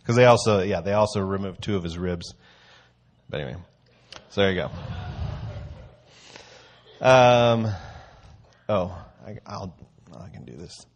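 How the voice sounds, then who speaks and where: Low-voiced man giving a casual sermon. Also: expressive, measured pace, pauses often. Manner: conversational, storytelling. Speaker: church teacher.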